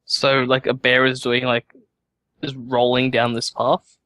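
A man's voice: medium pitch, completely flat delivery, unhurried, fairly bright tone, dry recording. A man playing a tabletop game, hesitant and full of ums and likes. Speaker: player.

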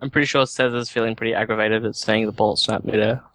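A man's voice: lowish voice, fairly even intonation, fast, a bit bright, dry recording. A man playing a tabletop game, hesitant and full of ums and likes. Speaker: player.

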